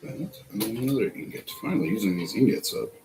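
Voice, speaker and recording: A man's voice: lowish voice, big pitch swings, fairly quick, dark tone, faint music behind, poor audio. A man hosting a casual build-along vlog, chatting to himself and laughing through his stories. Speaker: vlog host building a model kit.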